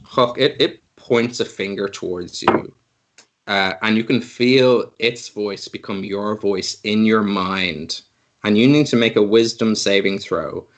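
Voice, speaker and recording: A man's voice: fairly low pitch, unhurried. A man narrating a tabletop game as game master, playful and often laughing. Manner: playful, laughing, voices creatures in short bursts.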